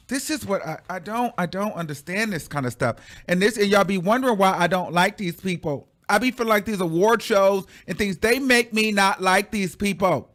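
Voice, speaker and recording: A male host chatting through pop-culture gossip with plenty of sass, his voice sitting a bit higher than most men's. He drags words out for emphasis and laughs easily as he goes, loose and conversational. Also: moderate pace. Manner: animated and sassy, stretching out words for effect; laughs often while talking. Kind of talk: casual chatty commentary.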